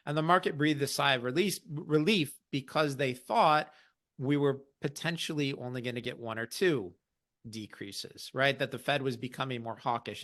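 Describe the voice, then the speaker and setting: A man's voice: mid-range voice, fairly bright tone. A man hosting an investing podcast, explaining market news in a casual, wry way. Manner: explanatory, wry, quotes others in mock voices.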